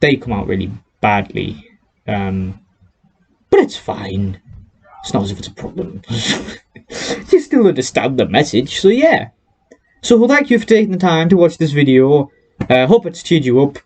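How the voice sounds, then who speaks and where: On a headset mic, a teenage YouTuber from North East England chats cheerfully in a casual vlog, laughing between sentences. His mid-range voice has lively intonation, a normal pace, long pauses, and a slightly mellow, breathy edge, with a North East English accent.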